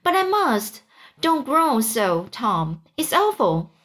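A woman's voice: a little high, big pitch swings, takes it slowly, fairly bright tone, breathy edge, exaggerated voice. A woman voicing an anxious young boy in a storybook, pleading in a raised, fretful voice. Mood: alarmed.

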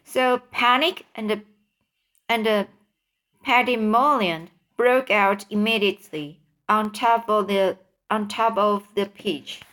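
Slow halting woman reading aloud. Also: mid-range voice, a bit bright. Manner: halting, with slips and self-corrections. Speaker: reader. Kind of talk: reading a children's book aloud.

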